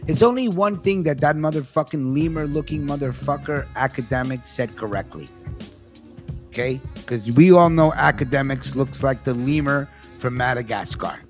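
A man's voice: mid-range voice, moderate pace, faint music behind. A man hosting a casual podcast, talking in a rambling, profane way. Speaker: podcast host.

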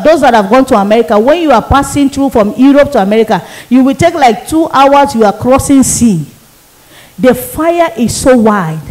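A woman's voice: high-pitched, a little mellow, rough recording. A woman evangelist with a Nigerian accent giving an earnest testimony sermon, telling her story vividly with emphatic repetition.

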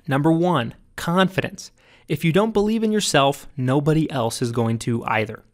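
Emphatic man reading his sales book. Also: normal speed. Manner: emphatic, coaching, punchy delivery with leaps in pitch on key points. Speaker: author narrating his own audiobook. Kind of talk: audiobook narration of a sales training book.

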